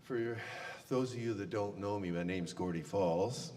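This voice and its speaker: A man's voice: lowish voice, unhurried, dark tone. A man giving a funeral eulogy, telling folksy stories with plenty of fillers. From Canada. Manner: folksy storyteller with many fillers. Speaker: eulogy speaker. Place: funeral service hall. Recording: long hall reverb, faint room noise.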